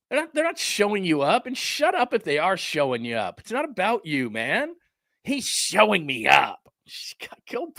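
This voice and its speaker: A man's voice: on the high side, sharp tone, no room sound, studio quality. A man hosting a sports talk show, ranting heatedly and sarcastically, mocking others with put-on quotes. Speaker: sports radio host.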